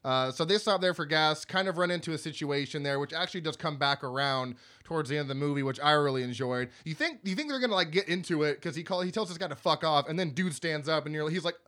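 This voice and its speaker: A man with a slightly high voice talks through a movie plot in relaxed, swear-heavy podcast chat. He slips into quick impressions of the characters as he recaps, then carries straight on. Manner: loose and profane, acts out movie scenes. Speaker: podcast co-host. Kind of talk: casual movie review chat.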